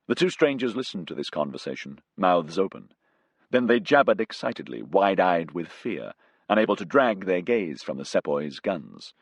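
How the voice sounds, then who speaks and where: A man narrating an audiobook with a husky voice, shifting his pitch for the characters. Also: animated, moderate pace, no echo. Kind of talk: scripted narration.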